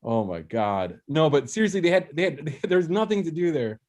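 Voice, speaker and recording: A man's voice: fairly high pitch, very animated, a little fast, a little mellow. A young man hosting an open mic over a video call, doing a rambling, self-mocking stand-up bit with frequent laughs and restarts. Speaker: open mic host and comedian.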